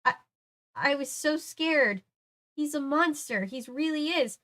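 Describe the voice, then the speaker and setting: An audiobook-style read of a scared young girl, her lines coming breathless, shrill and pleading. A woman reads her, lifting her pitch a little above her own voice. Each line carries the same out-of-breath urgency. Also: animated, slow pace, bright, forceful tone, exaggerated voice. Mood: panicked pleading. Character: frantic twelve-year-old girl, monster-story teller.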